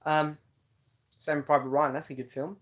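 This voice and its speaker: A man's voice: fairly high pitch, level tone, moderate pace, fairly bright tone. Rambling young man on a live stream. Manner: chatty and meandering, many ums. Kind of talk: casual live chat reading comments.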